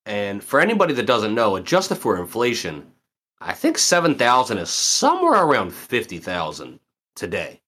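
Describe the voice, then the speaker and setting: Man, podcast co-host, short casual remarks, bright tone, very animated pitch. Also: normal speed.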